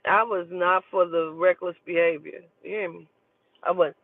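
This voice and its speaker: A woman telling a personal story in a casual, profane and animated way. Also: lowish voice, moderate pace, dry recording. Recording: tinny phone-like dry recording.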